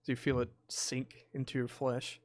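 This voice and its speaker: A man's voice: medium pitch, flat delivery, normal speed, darkish tone, no echo, clean studio sound. A man narrating a tabletop horror game as game master, with many hesitant fillers.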